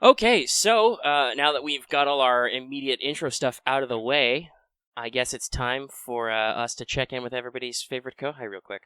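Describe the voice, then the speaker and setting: A man hosting a casual live-streamed game podcast, chatty and quick through sponsor reads. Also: mid-range voice, pushed and bright, clear, resonant tone, dry recording. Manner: chatty, fast patron list reading. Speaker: podcast host.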